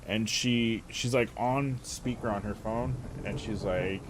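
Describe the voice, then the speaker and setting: A man casually telling a story, animated and profane, often breaking into laughter. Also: on the low side, takes it slowly, background noise. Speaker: streamer.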